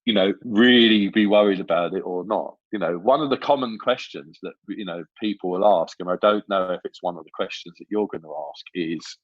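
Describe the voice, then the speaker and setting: A man, a film assistant director chatting on a podcast, telling animated anecdotes with plenty of fillers. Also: sits low, fairly quick, hardly any pauses, no echo. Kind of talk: casual podcast storytelling. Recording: dull lo-fi audio.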